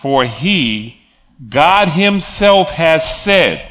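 A man's voice: high voice, animated, takes it slowly, pauses often, fairly bright tone. A man preaching a sermon, emphatic, repeating phrases and chuckling between points.

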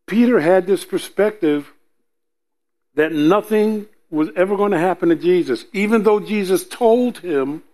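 A man's voice: high-pitched, a little mellow. A man preaching a sermon in an earnest way, driving points home with repetition. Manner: earnest, repetitive emphasis, acts out quoted voices.

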